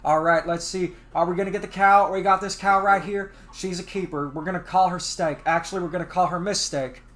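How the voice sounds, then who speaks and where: A man's voice: high voice, fairly even intonation, fairly quick, a bit bright. A man putting on a Southern accent to voice a folksy cowboy wrangling cows, joking as he drawls along. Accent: put-on Southern US.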